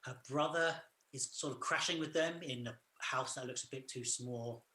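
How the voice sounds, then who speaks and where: A man with a bright, forceful voice chats casually through a film's story, rambling loosely as he goes. His voice rings out in a roomy, echoey space. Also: mid-range voice, normal speed. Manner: loose retelling of the plot, full of "sort of" and "like". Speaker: podcast co-host. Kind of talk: casual film review chat.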